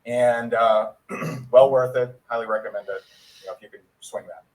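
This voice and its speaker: A man giving a sales training talk, rambling and clearing his throat often. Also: medium pitch, fairly even intonation, normal speed, poor audio.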